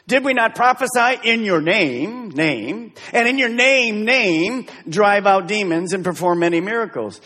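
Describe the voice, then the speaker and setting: Middle-aged male pastor, lively dramatic preaching, husky tone, church hall echo. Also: high voice, normal speed, few pauses. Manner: emphatic, swings from loud exhortation to hushed intensity. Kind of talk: sermon. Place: church sanctuary.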